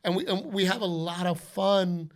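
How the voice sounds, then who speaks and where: A man in middle age with a high voice hosts a podcast at a moderate pace. He tells stories in an easygoing, animated way, voicing quotes and imitating announcer calls.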